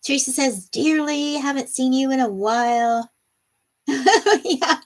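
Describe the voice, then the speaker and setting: A woman's voice: high-pitched, slow pace. A middle-aged woman hosting a casual livestream, reading viewer comments aloud and laughing often in a bubbly, chatty way. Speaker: livestream host.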